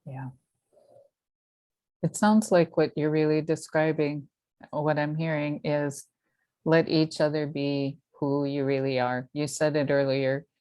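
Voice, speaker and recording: A woman's voice: sits low, fairly even intonation, slow, darkish tone, dry recording, studio quality. A woman hosting a conversation, reflective, summing things up and laughing easily. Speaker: host. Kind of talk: casual conversation.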